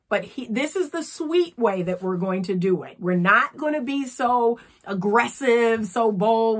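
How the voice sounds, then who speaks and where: A woman's voice: a little high, animated, measured pace, few pauses. Woman coaching with frequent "okay?" check-ins. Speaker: relationship coach. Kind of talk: instructional talk to camera.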